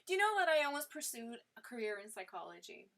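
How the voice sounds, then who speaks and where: Bright-voiced woman chatting on a live stream. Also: a little high, sing-song, fast talker. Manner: affectionate, calls viewers sweetheart and darling; chatty, laughs often, with frequent fillers. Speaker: tarot reader hosting a live stream. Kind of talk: casual live-stream chat and tarot reading.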